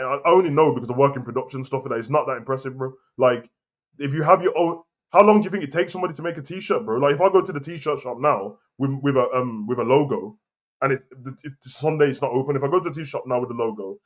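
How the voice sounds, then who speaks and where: A wrestling commentary host rants to camera about his opinions on a casual show, speaking fast in a mid-range voice. He argues heatedly and repeats himself as he pushes his point.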